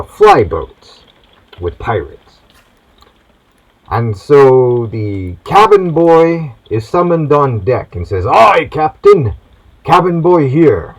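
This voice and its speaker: A man's voice: medium pitch, poor audio. A man hosting a comic monologue in a theatrical, hammy mad-doctor persona. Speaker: host.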